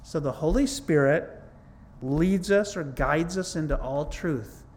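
Male pastor, slightly higher voice, casual yet emphatic sermon delivery. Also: a little slow, darkish tone. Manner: conversational, emphatic, rises in pitch to stress points. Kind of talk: sermon teaching.

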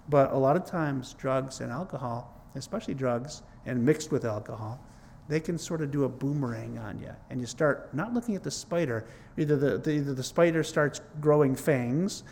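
A man's voice: medium pitch, darkish tone, a little hiss or hum. A middle-aged man preaching a sermon in a conversational, earnest way, mixing scripture with his own testimony. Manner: conversational, earnest, repeats "it's like, whoa".

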